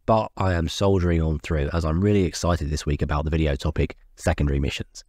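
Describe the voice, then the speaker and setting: Host, male, very low voice, nursing a cold, earnest explainer, dry close mic. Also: steady tone, quick pace, a little mellow, no room sound. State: has a cold. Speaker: YouTube host. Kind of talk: tabletop strategy talk.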